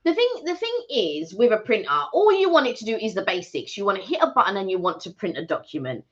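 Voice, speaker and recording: A woman co-hosting a live stream, chatting casually and explaining things in an earnest, animated way. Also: medium pitch, fast, husky, dull audio. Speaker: channel co-host.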